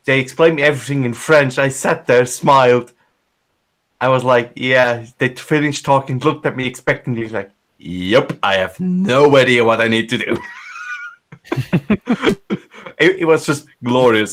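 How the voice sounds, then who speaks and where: A man's voice: medium pitch, fairly bright tone. A man in casual group chat, telling a self-mocking story with restarts.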